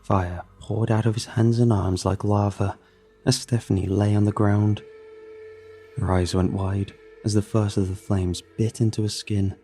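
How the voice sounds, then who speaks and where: A man reading a horror story aloud in a measured, grim way. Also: fairly low pitch, flat delivery, warm tone. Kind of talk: scripted horror narration. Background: faint music.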